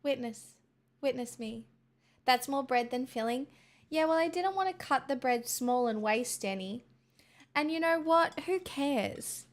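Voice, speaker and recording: A woman with an Australian accent talks casually to her viewers in a high voice. She rambles, swears freely and turns small gripes into mock-dramatic outbursts. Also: animated, unhurried. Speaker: vlogger. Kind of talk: casual chat to camera.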